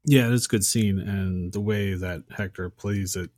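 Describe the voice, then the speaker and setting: A man co-hosting a podcast, casually recounting a favorite film scene in a relaxed, conversational way. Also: low-pitched, normal speed, dry recording, clean studio sound. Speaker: podcast co-host.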